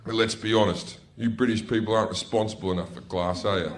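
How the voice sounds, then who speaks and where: A man's voice: on the low side, steady tone, fast talker, noisy background. A man with an Australian accent doing profane stand-up comedy on a club stage, telling a brash story to a laughing audience.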